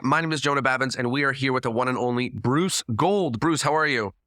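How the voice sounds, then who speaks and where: A man hosting a podcast, upbeat and chatty, with a somewhat squeaky voice. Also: brisk, few pauses, bright, forceful tone, faint music behind. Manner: enthusiastic and chatty. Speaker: podcast host. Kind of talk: casual interview hosting.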